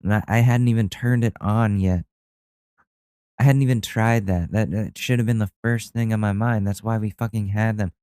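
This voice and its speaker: A man's voice: fairly low pitch, steady tone, normal speed, darkish tone, clean tone, dry recording, clean studio sound. A man hosting a solo podcast at home, telling stories in a rambling, self-deprecating way with lots of fillers and restarts. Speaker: podcast host. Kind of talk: casual storytelling monologue.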